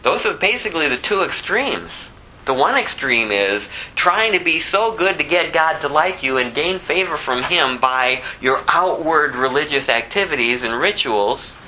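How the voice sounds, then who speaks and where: A man preaching a conversational sermon, asking rhetorical questions and dropping low to act out quotes. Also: animated, normal speed, sharp tone, slight background noise, rough recording. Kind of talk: expository sermon.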